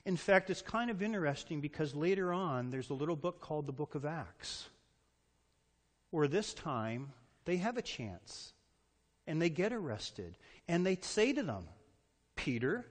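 A man pastor giving a sermon, with dramatic pauses and quotes he acts out. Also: fairly high pitch, sing-song, big-room sound.

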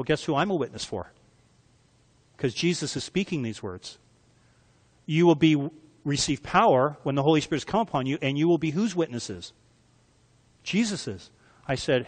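A man's voice: on the high side, long reverb tail. A male pastor preaching a sermon, emphatic and asking the congregation questions as he goes.

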